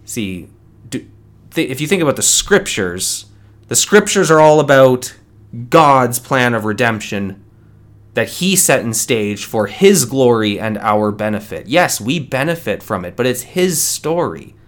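A man's voice: medium pitch, sing-song, a little slow. A man hosting a solo podcast, arguing his view in an earnest, conversational way with many restarts. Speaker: podcast host. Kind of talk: solo opinion podcast monologue.

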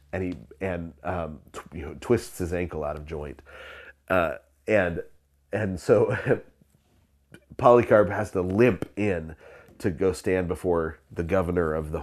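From the pulpit, a man with a very low, darkish voice tells a story in a loose, conversational sermon style. He stumbles through restarts and fillers and chuckles as the tale unfolds.

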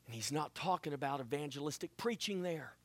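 Male pastor, high bright tenor, dry close mic, sermon that surges loud then drops to a hush. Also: animated, a little fast, no room sound. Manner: dramatic swings from loud proclaiming to hushed near-whisper; acts out Bible voices with playful asides.

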